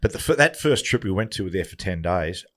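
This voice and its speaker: A middle-aged man with a fairly low voice tells a long anecdote on a podcast. He is animated and acts out each person's lines as he goes. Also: fast. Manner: animated anecdote-teller who acts out dialogue. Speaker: podcast guest. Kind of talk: casual chat.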